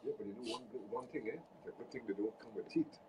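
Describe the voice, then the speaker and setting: A man's voice: mid-range voice, racing, a little mellow. A man co-hosting a radio show, joking and chiming in, then reading station details. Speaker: radio co-host. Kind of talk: casual radio banter. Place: radio studio. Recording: distant mic with background noise.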